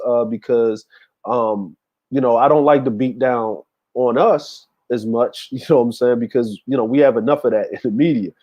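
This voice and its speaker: A man's voice: mid-range voice, mellow. A man hosting a casual livestream, talking loosely to his chat with frequent fillers and laughter. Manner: laid-back, laughing, talks to chat with many fillers. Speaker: show host.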